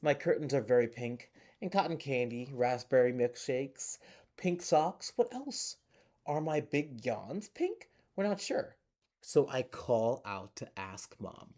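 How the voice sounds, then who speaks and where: A man who is a library storyteller, reading a children's picture book aloud with animated, chatty asides to young listeners. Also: mid-range voice, takes it slowly.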